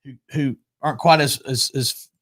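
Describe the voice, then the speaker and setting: A man's voice: mid-range voice, steady tone, moderate pace, fairly bright tone. A man hosting a casual talk show, chatty, often restarting and repeating his words. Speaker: podcast host. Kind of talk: casual chat.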